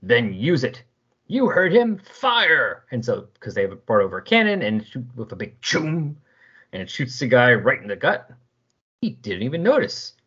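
A co-host reading comic narration aloud in casual chat, telling it with lively energy. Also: mid-range voice, moderate pace, husky, lo-fi sound. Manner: lively storytelling, acts out shouted lines.

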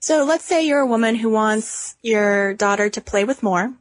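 A woman's voice: a little high, normal speed, no echo. A woman co-hosting a podcast in casual, playful chat, steering the story with hypotheticals. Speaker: podcast co-host.

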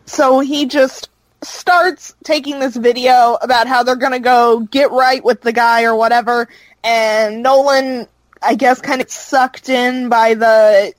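A woman's voice: on the high side, steady tone, unhurried, no room sound, poor audio. A woman co-hosting a podcast, recapping a show in casual chat with lots of fillers. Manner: rambling recap with fillers, laughs easily.

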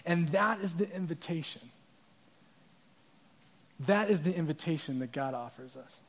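A pastor with a fairly high voice gives a conversational sermon. He talks to the congregation with props and quick asides. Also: animated.

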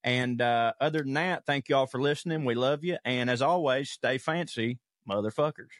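A man's voice: medium pitch, normal speed, no room sound. Profane man reading listener mail. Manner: loose, profane, laughs while reading. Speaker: podcast co-host.

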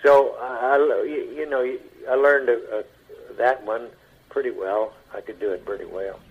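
An older man, an actor, telling stories in an interview in a halting way that repeats words. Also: mid-range voice, steady tone, slightly rough. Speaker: actor as guest. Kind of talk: anecdotal interview talk. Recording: dull lo-fi radio broadcast.

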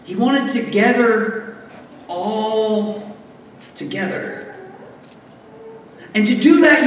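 This man's pitch is extremely high; he's expressive and takes his time. As a pastor, he delivers a conversational sermon full of jokes and asides on scripture, recorded in an echoey hall with a distant mic and faint room noise.

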